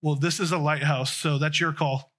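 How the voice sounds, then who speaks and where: A man voicing a calm, stubborn lighthouse radio operator who does not budge, inside a sermon story. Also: fairly high pitch, moderate pace, natural voice.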